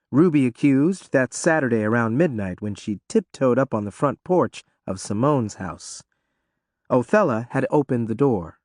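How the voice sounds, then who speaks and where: A man narrates a novel in an expressive, animated manner, his pitch rising and falling freely. The recording is dry and close. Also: normal speed, no echo. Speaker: audiobook narrator. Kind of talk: scripted audiobook narration.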